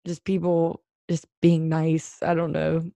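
A woman's voice: sits low, completely flat delivery, a little slow, creaky, dark tone, dry recording. A woman co-hosting a podcast, telling a story in a loose, chatty way with lots of fillers. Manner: chatty storyteller, frequent "like" and laughs. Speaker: podcast co-host. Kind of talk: casual chat.

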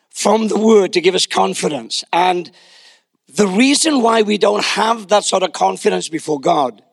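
A man's voice: high voice, vocal fry, no room sound, clean studio sound. An older male pastor preaching a sermon, telling stories with wry asides and repeating words as he builds.

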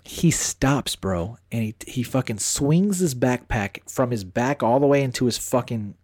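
A young man telling a story in casual podcast chat, animated and profane, acting out both sides of the scene. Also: mid-range voice, unhurried, no room sound, studio quality.

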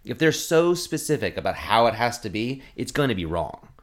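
A man's voice: medium pitch, very animated, normal speed. A sarcastic man in his thirties rants about his work as a bartender, swearing freely. His delivery is blunt and mocking, in loose, casual chat. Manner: profane, ranting, sarcastic.

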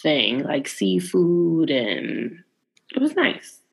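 A woman's voice: low voice, very animated, drawn-out words, creaky. A young adult woman chatting casually, blunt and laid-back, swearing freely. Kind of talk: casual chat.

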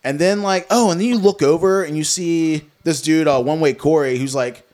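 A young man spins a long, foul-mouthed story among friends. His voice sits a little high, and he talks in a loose, animated way, stumbling over restarts and stacking up "like"s. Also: normal speed. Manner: animated, profane, many likes and restarts. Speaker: guest telling a story.

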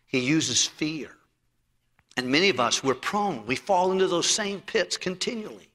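A man preaching to his congregation in a sermon, with a forceful, cutting tone. He swings from loud emphatic lines to soft, intimate asides, and tells stories along the way. His voice rings out with a long reverb in a large sanctuary. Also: a little high, lively intonation, a little slow. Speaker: pastor. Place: church sanctuary.

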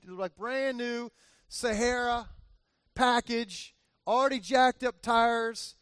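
A man's voice: very high-pitched, a bit bright, no room sound, clean studio sound. A male pastor giving a conversational sermon, often repeating phrases for emphasis and adding joking asides.

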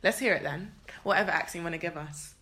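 A woman's voice: on the low side, fast, bright, forceful tone, a little hiss or hum. A young woman co-hosting a podcast in casual chat, teasing and laughing a lot. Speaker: podcast co-host.

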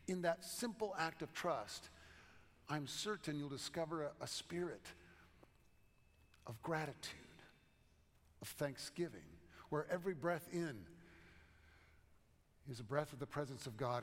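A man preaching a sermon as pastor, in a conversational way with gentle humor, in a church sanctuary. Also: a little high, a little fast. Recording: long reverb of a large church.

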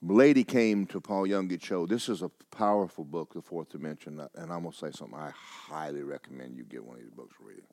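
A man's voice: a bass voice, a little fast, few pauses, darkish tone, no room sound, clean studio sound. A man preaching a sermon as pastor, mixing joking asides with fervent calls.

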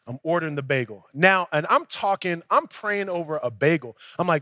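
Bright, high-voiced young preacher. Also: male voice, lively intonation, moderate pace, slight background noise. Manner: conversational storytelling preacher, acts out dialogue. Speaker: pastor. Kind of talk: sermon.

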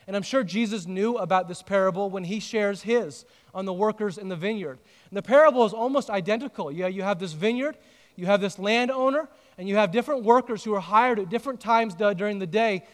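High-voiced man preaching in a hall. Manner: animated storytelling, joking with the congregation. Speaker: pastor. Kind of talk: sermon. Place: church auditorium. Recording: long reverb of a large hall.

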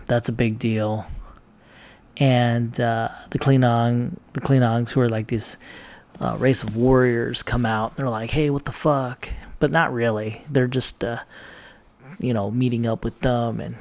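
A man's voice: mid-range voice, vocal fry, darkish tone. A man casually recapping TV episodes, rambling and swearing with plenty of ums and uhs. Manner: rambling, profane, lots of fillers. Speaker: TV recap vlogger.

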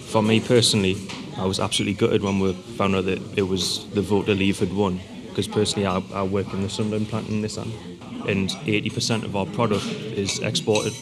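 Car plant worker, man, earnest and flat, clear music behind him. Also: lowish voice, fairly quick.

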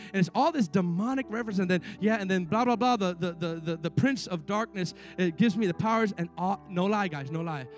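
A middle-aged man preaching a sermon as pastor, telling stories and building to fervent pleas. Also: high voice. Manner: preaching with rising fervor and repeated pleas.

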